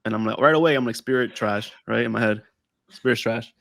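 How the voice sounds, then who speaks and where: Podcast co-host, male, mid-pitched, dry close sound, chatty storyteller who voices the people in his story. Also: fairly quick, gravelly, fairly bright tone, dry recording. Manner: rambling storyteller who acts out quoted dialogue. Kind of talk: casual chat. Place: lives in Texas.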